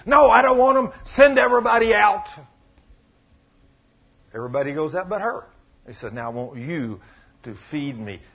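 A man preaching a sermon, retelling a story, dropping to low murmurs and rising to loud exclamations. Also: slightly rough. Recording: dull lo-fi recording.

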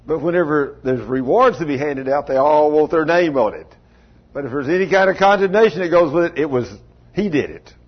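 A husky-voiced man preaches in a folksy, chuckling way, pitched a little high for a man. He calls out to members of his congregation by name as he talks. The recording is dull and lo-fi, like an old church tape. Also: brisk. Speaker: pastor. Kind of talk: folksy sermon.

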